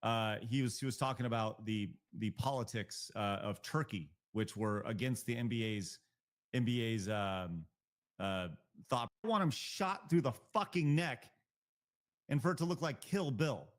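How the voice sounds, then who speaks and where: A man's voice: mid-range voice, normal speed. A male live stream host giving blunt, profane, heated reaction commentary.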